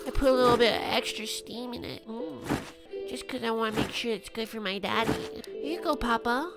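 A man voicing a flirty, teasing male barista in a high falsetto during a video game. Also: fairly quick. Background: game music.

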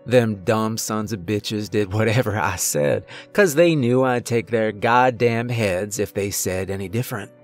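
A man doing a gruff, weary Old West outlaw. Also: on the low side, a little slow, hardly any pauses, faint music behind, natural voice. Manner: rough frontier drawl, blunt and bitter.

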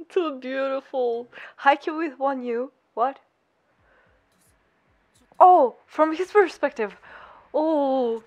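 A woman's voice: high voice, takes it slowly, pauses often, a little mellow, lo-fi sound. A woman reacting to an anime episode as she watches, gasping, squealing and gushing, while saying she feels unwell. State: unwell, not feeling great. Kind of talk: excited live reaction commentary.

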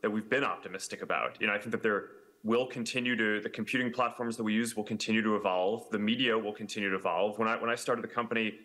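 A man in his thirties, a guest in an interview, talking fast with many "you know"s and restarts. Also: fairly low pitch, steady tone, sharp tone. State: has the hiccups. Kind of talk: casual chat.

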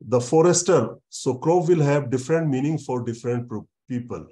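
Male lecturer, mid pitch, dark warm voice, halting video-call teaching. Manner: explains slowly, repeats words, many fillers. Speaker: university lecturer. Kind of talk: online lecture.

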